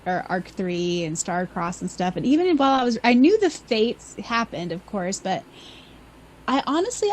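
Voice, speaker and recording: A woman's voice: a little high, a little mellow, slight background noise, rough recording. A woman co-hosting a podcast, talking enthusiastically in a casual chat full of fillers. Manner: enthusiastic, filler-heavy, restarts often. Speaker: podcast co-host and audiobook reader.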